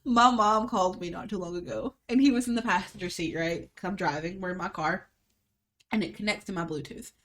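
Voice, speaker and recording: A woman with a thick Alabama Southern accent chats casually on a podcast. She tells animated stories, laughs often and swears freely. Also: lowish voice, a little fast. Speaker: podcast co-host. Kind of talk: casual chat.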